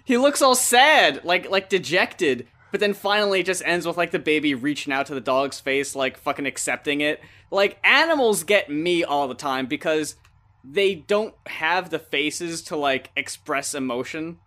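Bright-voiced man chatting loosely. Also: fairly high pitch, lively intonation. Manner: rambling, profane, acts out scenes in quick voices. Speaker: podcast co-host. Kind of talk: casual chat.

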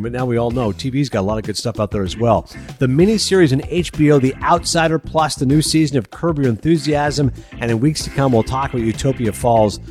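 A man's voice: medium pitch, darkish tone. A man hosting a film podcast, talking with enthusiasm and laughing as he goes. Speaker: podcast host.

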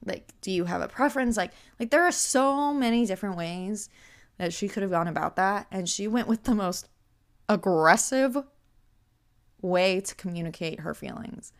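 Young woman, podcast host, casual storytelling, animated, incredulous, filler-heavy. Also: medium pitch, normal speed, smooth.

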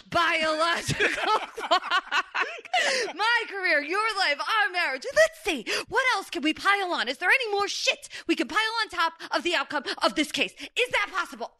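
A woman's voice: very high voice, no echo, studio quality, voice pushed up, heavily acted. A woman reading the part of a stressed male lawyer, ranting through a list of complaints. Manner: ranting, piling up complaints, rising loud.

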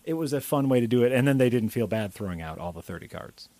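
A cheerful man chats on a podcast, quick to laugh and keen to tell a story. His voice has an ordinary pitch. It is recorded close on the mic and dry. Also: animated, mellow, no room sound. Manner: upbeat, laughs easily, chatty storyteller. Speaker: podcast co-host. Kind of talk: casual chat.

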